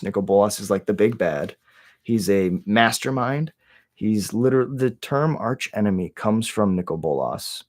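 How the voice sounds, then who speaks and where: A man's voice: lowish voice, darkish tone. A young man casually retelling fantasy game lore, rambling with lots of fillers and restarts. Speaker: lore video creator.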